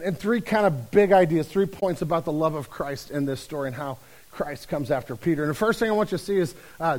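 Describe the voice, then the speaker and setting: A man's voice: high-pitched, rough recording. A man pastor preaching a conversational, humorous sermon, telling the story with acted-out voices. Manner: lively storytelling, acts out quoted voices.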